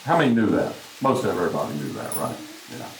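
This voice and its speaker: A man's voice: low-pitched, very animated, fast talker, creaky, slight background noise. A man hosting an on-stage interview, eagerly prompting his guest and speaking to the audience. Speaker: event host interviewer. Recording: echoey hall, mic held at a distance.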